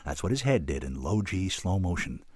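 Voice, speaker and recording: Low-voiced guy reading a novel out loud, lots of ups and downs, dry booth sound. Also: normal speed, husky, dry recording. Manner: expressive first-person storytelling. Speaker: narrator. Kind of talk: audiobook narration.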